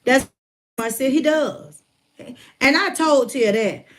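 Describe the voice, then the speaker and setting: A motivational speaker telling a personal story in a casual, folksy way, retelling conversations and calling listeners by name, still getting over a chest cold. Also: female voice, high-pitched, expressive, takes it slowly. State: recovering from chest cold, congested breathing. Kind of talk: casual testimony talk.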